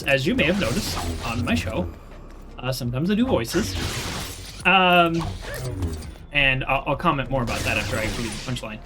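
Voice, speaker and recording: A streamer giving casual, rambling commentary while playing, self-deprecating and quick to laugh. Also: mid-range voice. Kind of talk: casual livestream gameplay commentary.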